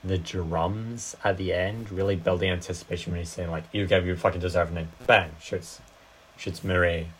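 A woman's voice: very deep voice, fairly even intonation, normal speed, breathy edge. A young woman co-hosting a podcast, talking about films in a laid-back way with short agreements and casual swearing. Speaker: podcast co-host. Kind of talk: casual film-review chat.

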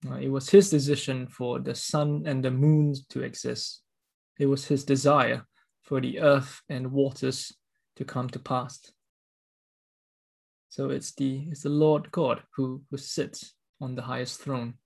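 A man's voice: mid-range voice, level tone, a little slow, gravelly. A man preaching a sermon, reading scripture and explaining it in an earnest, emphatic way with repeated words.

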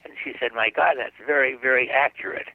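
A man's voice: medium pitch, steady tone, fairly quick, no echo. An older man tells a rambling story on a radio show and slips into the voices of the people in it. His voice comes through a narrow, phone-like line with a dry sound. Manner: chatty anecdotal storyteller, acts out dialogue. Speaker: guest psychic.

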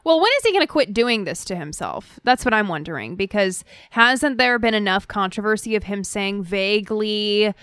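A woman's voice: medium pitch, lively intonation, normal speed, few pauses, fairly bright tone, smooth, no echo. A female podcast co-host making dry, wry political remarks. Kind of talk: political commentary chat.

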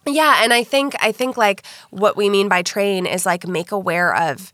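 Candid, animated woman chatting. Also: mid-range voice, moderate pace, dry recording. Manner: animated, candid, swears freely. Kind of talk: casual chat.

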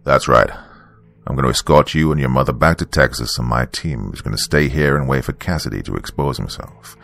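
A man's voice: very deep voice, a little fast, vocal fry, fairly bright tone, voice pushed down, exaggerated voice. A man voicing a stern male federal agent who speaks in a firm, commanding way. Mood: reassuring.

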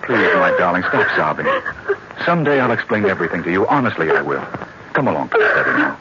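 An actor playing a secretive, brooding master of the house in a 1940s radio drama, talking in an earnest, guarded way. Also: male voice, sits low, very animated, quick pace. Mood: pleading. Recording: noisy, muffled 1940s radio recording.

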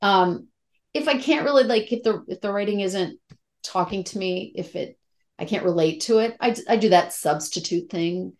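This is a middle-aged woman speaking as an interview guest, an actress sharing stories about her work. She is open and emotional, often restarting her sentences and filling pauses with um and like. Her voice sits at an ordinary mid pitch. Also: a little mellow. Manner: candid, emotional, many fillers and restarts. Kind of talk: casual interview chat.

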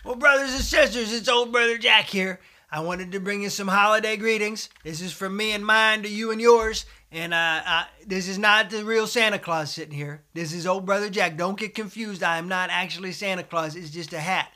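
Comic host, male, middle-aged, high bright folksy preacher voice, deadpan. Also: a little fast, few pauses. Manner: folksy preacher cadence, fillers and restarts. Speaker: comedic host of a satirical show. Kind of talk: deadpan satirical preacher monologue.

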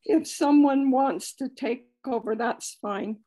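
A woman in a study group reading scripture aloud slowly and with feeling over a video call. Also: sits high, dark tone, rough recording. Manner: slow, careful, heartfelt reading.

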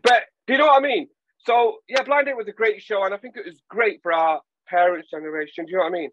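A man from England chatting casually on a podcast, animated and telling stories while acting out voices. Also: sits high, fast talker, phone-quality sound, a little hiss or hum. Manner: animated storyteller, acts out voices. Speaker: podcast guest. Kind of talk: casual chat.

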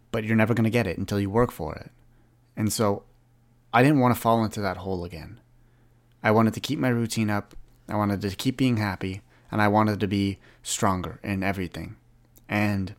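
A man in his twenties talking earnestly in a rambling solo podcast monologue, often restarting his sentences. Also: on the low side. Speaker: podcast host.

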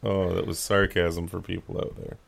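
A man's voice: low-pitched, flat delivery, normal speed, gravelly. A man co-hosting a casual chat, laid-back and given to laughter and sarcastic asides.

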